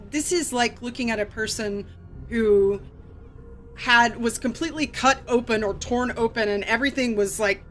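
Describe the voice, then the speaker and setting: A woman's voice: on the high side, fairly bright tone. A woman narrating as game master of a live horror tabletop game, chatty and loose with many fillers and restarts.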